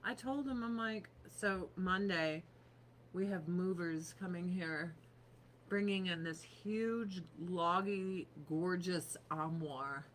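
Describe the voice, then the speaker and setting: A woman's voice: fairly low pitch, slow, slight background noise. A woman in her thirties chatting casually on a livestream from her home office desk, profane and sarcastic.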